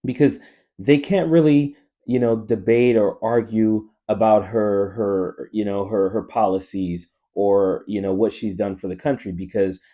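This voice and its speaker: A man's voice: lowish voice, mellow, highs cut off. A man in his fifties from Louisiana, a coach and teacher giving earnest, emphatic opinion commentary straight to his viewers. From New Orleans, Louisiana. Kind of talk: casual opinion commentary to camera.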